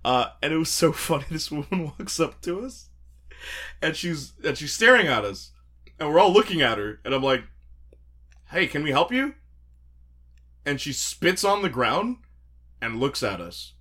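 A man, telling stories in a casual chat, animated and laughing as he acts out quotes. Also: fairly high pitch, normal speed.

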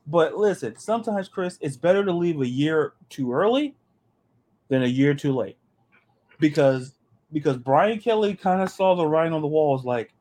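A man hosting a sports podcast, talking in an animated, joking way and often repeating his words. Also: a little high, normal speed. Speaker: podcast host. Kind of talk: casual sports chat.

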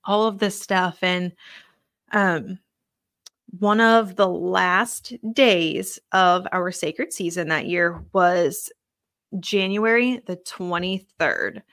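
A woman's voice: fairly low pitch, slow, a bit bright, no echo, clean studio sound. A young adult woman hosting a podcast alone, telling a personal faith testimony in an earnest, conversational way with lots of fillers. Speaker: podcast host.

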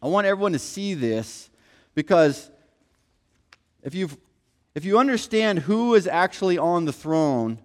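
A man's voice: high voice, lively intonation, unhurried, long pauses. A man preaching a sermon in a conversational style, often acting out quotes and coming back to stock phrases. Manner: conversational preaching, acts out quotes, repeats "here's the thing". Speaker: pastor.

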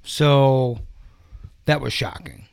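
A man's voice: mid-range voice, vocal fry, clear, resonant tone. A man hosting a casual film discussion, leading the talk and giving emphatic opinions. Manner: leads the talk, emphatic, quick to give opinions. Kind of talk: casual chat.

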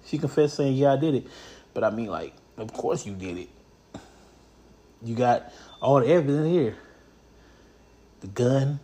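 A man hosting a show, giving casual, comedic commentary on news stories in a blunt, profane, animated way. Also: medium pitch, unhurried, long pauses.

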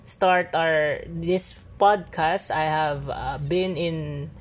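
A woman's voice: deep voice, steady tone, drawn-out words. A Filipino-accented woman co-hosting a casual podcast, talking hesitantly with many fillers and restarts. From Philippines. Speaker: podcast co-host. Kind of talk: casual chat.

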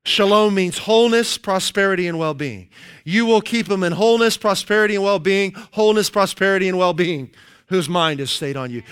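A man preaching a sermon, emphatic and playful, repeating key phrases and reading scripture slowly. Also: sits high, a bit bright, smooth. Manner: playful asides, chuckles at his own jokes.

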